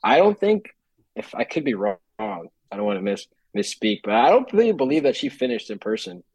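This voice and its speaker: A young man, a baseball player, telling stories in a relaxed casual interview with lots of fillers. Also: mid-range voice, fairly quick, creaky, breathy edge, no echo, low-quality recording. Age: young adult. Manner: relaxed storytelling with many fillers.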